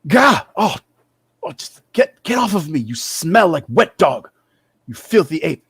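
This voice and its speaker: A man's voice: a little high, very animated, unhurried, fairly bright tone, husky, no echo, pitched above the performer's own voice, full character voice. A man voicing a pompous, cowardly male monkey demon priest who talks in a whiny, indignant, self-important way.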